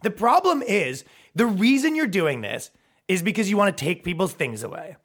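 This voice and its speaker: A man in his thirties holds forth on his podcast in a heated, profane comic rant. His voice sits a bit high and swings widely in pitch. He keeps breaking into quick mocking impressions of other people. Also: very animated, fairly bright tone. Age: 30s. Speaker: podcast host.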